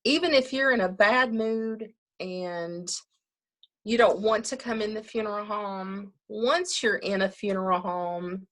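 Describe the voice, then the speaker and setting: A woman's voice: mid-range voice, unhurried, a bit bright. A woman funeral director talking casually in an interview, chatty, often laughing and acting out what people say.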